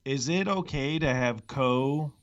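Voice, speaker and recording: A man's voice: mid-range voice, slow pace, lo-fi sound. A man talking as a podcast guest, rambling and chatty, leaning heavily on "like.". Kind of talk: casual chat.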